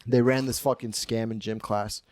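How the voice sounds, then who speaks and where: A man in his twenties hosting a comedy podcast, telling stories in a profane, slangy, animated way and acting out voices. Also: fairly low pitch, moderate pace, no room sound. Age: 20s. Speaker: podcast host. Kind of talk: casual comedic storytelling.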